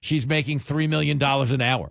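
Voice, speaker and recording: A man's voice: mid-range voice, steady tone, fairly quick, vocal fry, a bit bright, no echo, clean studio sound. A man co-hosting a podcast, joking around in casual comic chat. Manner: joking, does mock impressions. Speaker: podcast co-host.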